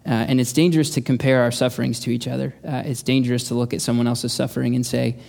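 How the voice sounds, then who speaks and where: Male preacher, mid-range voice, casual and halting delivery, dry self-deprecating humor. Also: medium pitch, level tone, creaky, a little mellow. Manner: halting, restarts phrases often. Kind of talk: conversational sermon.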